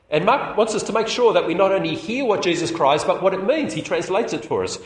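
A man preaching a sermon to a public meeting, expressive, with rhetorical questions and small chuckles. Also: fairly high pitch, brisk. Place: meeting hall. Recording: echoey room.

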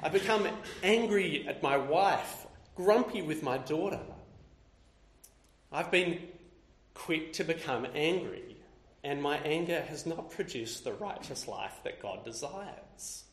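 Animated man preaching. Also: fairly high pitch, takes it slowly, slight background noise. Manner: expressive, building lists with rising intensity. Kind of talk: sermon. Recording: roomy echo.

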